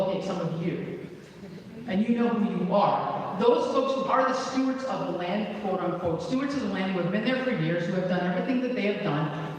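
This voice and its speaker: A man's voice: high voice, slight background noise. A man, a parent and chemistry teacher, giving a frustrated, impassioned public comment at a town meeting. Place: large church meeting hall. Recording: very echoey hall from far off.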